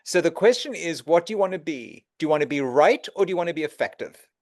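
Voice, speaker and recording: Lively storytelling man, dry sound. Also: a little high, fast, no echo. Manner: animated storyteller, acts out quotes. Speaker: guest. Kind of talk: conversational interview.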